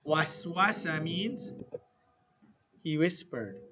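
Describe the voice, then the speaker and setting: Slow, high-voiced man teaching a class. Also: expressive, dull audio. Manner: slow, spells words out letter by letter and repeats them. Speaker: Arabic teacher. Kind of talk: classroom language lesson.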